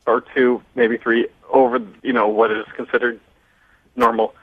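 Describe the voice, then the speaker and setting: A man's voice: mid-range voice, level tone, moderate pace, slightly rough, no room sound, narrow, tinny audio. A man on a radio show, hesitant and sheepish, stammering as he explains himself. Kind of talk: on-air conversation.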